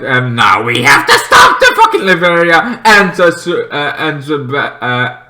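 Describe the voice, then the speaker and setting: Reviewing TV episodes on his own, a man rambles casually with plenty of fillers, now and then bursting into shrill, shouted impressions of the characters. His speech is sing-song at a moderate pace.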